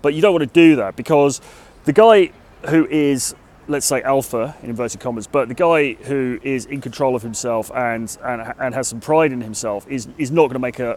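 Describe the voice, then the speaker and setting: A man's voice: mid-range voice, a little mellow, slight background noise. A British man who coaches on dating gives casual advice to the camera outdoors in a city. He talks in a chatty way and hedges a lot with "sort of" and "kind of". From Britain.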